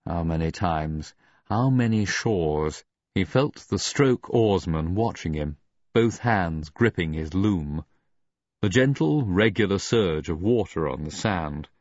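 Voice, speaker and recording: A man narrating an audiobook in a dramatic, expressive reading. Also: low voice, slow, no echo, highs cut off. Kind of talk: scripted narration.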